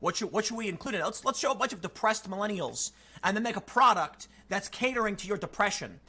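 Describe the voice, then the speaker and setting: A man voicing a glib male marketing executive in a pitch meeting, talking in fast, eager patter. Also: animated, sharp tone, slightly rough, full character voice.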